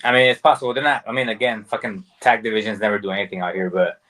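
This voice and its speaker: A man's voice: fairly low pitch, steady tone, racing, fairly bright tone. A man who is a guest on a casual podcast, talking in a laid-back, profane, rambling way. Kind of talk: casual chat.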